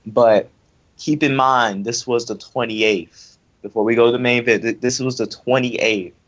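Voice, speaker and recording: A man's voice: medium pitch, fairly even intonation, normal speed, a bit bright. Young man, angry repetitive rant, dull lo-fi sound. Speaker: online wrestling league member. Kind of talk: heated casual rant. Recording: dull lo-fi audio.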